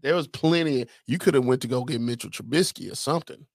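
A man co-hosting a sports podcast in casual chat, teasing and talking with lively emphasis. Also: mid-range voice, gravelly, dry recording, clean studio sound. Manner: animated, teasing, drawn-out emphasis. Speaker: podcast co-host.

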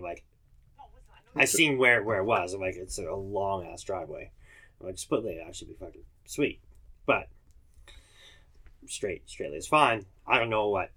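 A man's voice: low voice, pushed and bright. A man, a firefighter, recounting a call in casual chat, matter-of-fact and detailed.

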